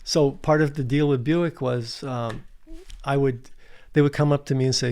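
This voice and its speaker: A man's voice: mid-range voice, steady tone, normal speed, darkish tone. A man telling casual anecdotes as a podcast guest, acting out quotes as he goes. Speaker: podcast guest, commercial director. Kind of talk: casual storytelling.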